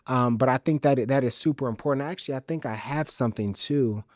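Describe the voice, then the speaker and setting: A young man from the Chicago suburbs hosting a podcast, telling stories in an animated, casual way and playing them up for laughs. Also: mid-range voice, fast talker, dry recording, clean studio sound. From Chicago's South Side suburbs, Illinois. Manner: animated, comic exaggeration, casual slang. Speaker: podcast host. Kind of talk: solo storytelling monologue.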